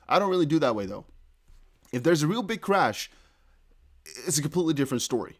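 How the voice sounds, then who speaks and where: A man hosting a casual live crypto news stream, excitably thinking aloud as he reads viewer chat and posts. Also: medium pitch, fast. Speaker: crypto news livestream host.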